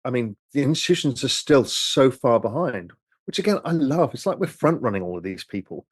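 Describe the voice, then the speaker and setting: A man's voice: medium pitch, expressive, brisk, slightly rough, no room sound. Rambling, candid man on a dry mic. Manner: rambling, candid, swears freely. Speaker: host reading viewer questions. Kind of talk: casual live-stream chat over drinks.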